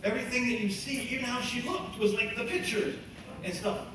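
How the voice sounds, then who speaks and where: A man giving a testimony, telling his story in a lively, conversational way, laughing often and using many fillers. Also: extremely high pitch, a little fast. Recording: echoey hall from far off, faint noise.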